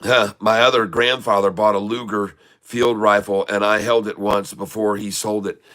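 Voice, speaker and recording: A man's voice: fairly low pitch, little pitch movement, normal speed, fairly bright tone. A middle-aged man casually telling rambling anecdotes, acting out quoted dialogue and laughing as he goes. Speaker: trading channel host. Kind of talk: casual storytelling.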